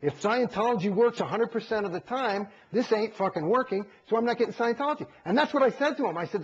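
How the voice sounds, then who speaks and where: A man's voice: high voice, quick pace, few pauses, slightly rough, highs cut off. A middle-aged man giving an interview, talking candidly and profanely, acting out quotes as he tells his story. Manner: profane, animated, acts out quotes. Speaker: interview guest.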